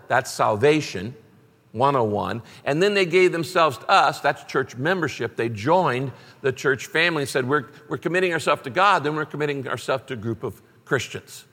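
A middle-aged man delivers an emphatic sermon, repeating key phrases and reading scripture aloud. His voice sits a little high and swings widely in pitch. A long reverb from a large hall trails every line. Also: sharp tone. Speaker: pastor.

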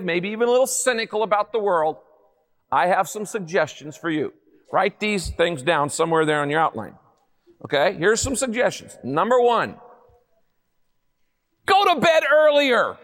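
High-voiced male pastor in a reverberant hall. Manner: lively, humorous, full of rhetorical questions. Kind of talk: sermon.

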